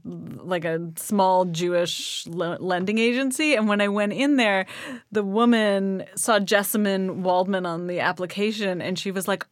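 A woman's voice: medium pitch, a little slow, dry recording, studio quality. A woman from Canada chatting as an interview guest, laughing easily and talking around her words with fillers. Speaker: guest, nonprofit kitchen leader. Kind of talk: casual interview chat.

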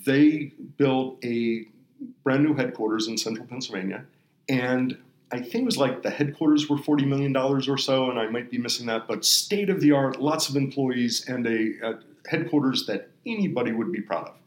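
Guy hosting a podcast, earnest storyteller, kinda echoey room. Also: mid-range voice. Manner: earnest, emotional when telling stories. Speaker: podcast host. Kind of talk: conversational storytelling.

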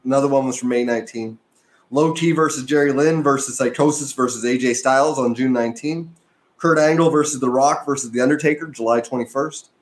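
A man with a mid-range voice co-hosts a casual chat show. He reads out a long list of results in a steady, matter-of-fact way. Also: medium pitch. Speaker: podcast co-host. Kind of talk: reading out poll results.

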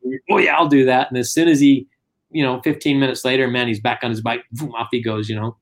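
A man's voice: mid-range voice, quick pace. A middle-aged man telling family stories in casual conversation, acting out what people said. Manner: animated anecdotes, acts out quotes. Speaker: guest. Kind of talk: casual storytelling.

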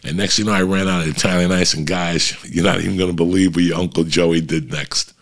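Gravelly low-voiced man telling crude stories. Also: fast talker. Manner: profane, animated, addresses listeners as guys. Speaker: podcast host. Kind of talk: casual comedic storytelling.

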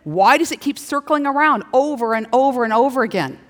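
A middle-aged woman preaching a sermon, playful and animated, slipping into little acted-out dialogues. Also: high-pitched, fairly quick. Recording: long hall reverb.

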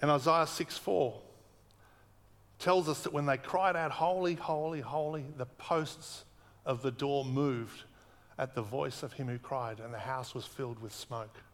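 A man preaching a sermon earnestly, slowing down and repeating words for emphasis. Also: medium pitch, long reverb tail. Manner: earnest, emphatic repetition, slows for weight.

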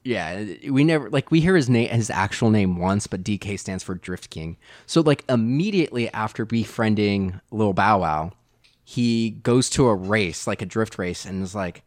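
A man in casual chat, rambling through a movie recap and tossing in quick impressions of the characters. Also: lowish voice, animated, no echo, clean studio sound.

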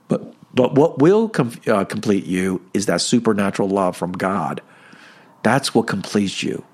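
A man's voice: fairly low pitch, expressive, unhurried, a little mellow, husky. A middle-aged man giving a conversational teaching talk on Catholic faith, full of "you know" and "okay.". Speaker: Catholic speaker.

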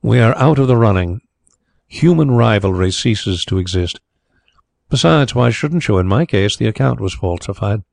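A man reading the part of a suave, placid blind gentleman who dabbles in detection. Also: on the low side, animated, moderate pace, vocal fry, no echo. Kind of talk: audiobook character reading.

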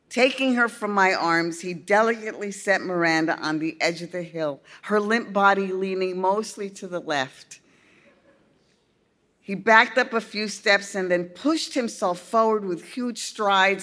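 A woman narrating a first-person story in a slow, deliberate storytelling manner. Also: mid-range voice, a bit bright. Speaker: audiobook reader.

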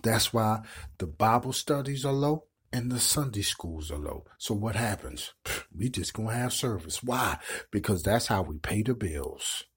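At normal speed, a middle-aged host speaks in a lowish, husky voice on his online show. His live-stream commentary is impassioned and preachy, building points through repeated words.

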